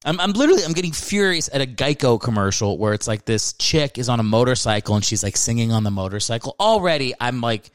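A man's voice: mid-range voice, animated, quick pace, few pauses, smooth, no room sound. A man hosting a comedy podcast, talking close to a podcast mic in a dry, dead room. He rambles and rants, then jumps into bursts of mock outrage. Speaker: podcast host.

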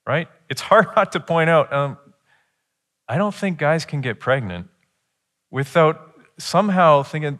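A man preaching a sermon, retelling a scripture story with lively, animated delivery and acted-out quotes. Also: measured pace, big-room sound. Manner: animated storytelling, acts out quotes with rising pitch. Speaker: pastor.

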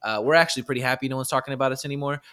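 A relaxed man co-hosting a sports podcast, griping wryly in easygoing chat. His voice sits at a middling pitch. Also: very fast, clear, resonant tone. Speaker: podcast co-host.

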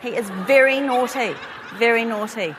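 An Australian woman in her forties giving an animated talk to a live audience, chatty with laughing asides. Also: fairly high pitch, normal speed, noisy background. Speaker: speaker. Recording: long hall reverb.

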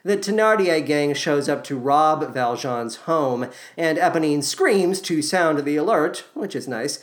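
A woman's voice: sits low, expressive, measured pace. Sarcastic woman recapping a musical. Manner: sarcastic, irreverent, slips into silly voices. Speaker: podcast host. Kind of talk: comedic plot recap.

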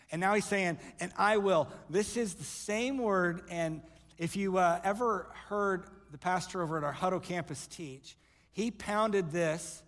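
A man preaching a sermon to his congregation, emphatic, with quick joking asides to the room. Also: high-pitched, fairly bright tone. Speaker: pastor. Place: church sanctuary. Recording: live church hall reverb.

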